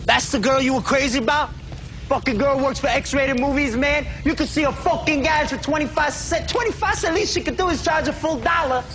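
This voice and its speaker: An actor playing a belligerent young male bully in a film, shouting and swearing. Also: very high voice, brisk, a little hiss or hum. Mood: furious. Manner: shouting, profane, taunting. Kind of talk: film dialogue. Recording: film clip with loud music.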